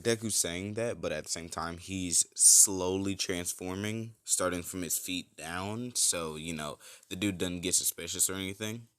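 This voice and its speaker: A man's voice: low voice, fairly bright tone. A man narrating a fan-made what-if story in a casual, rambling way, full of fillers and the odd swear.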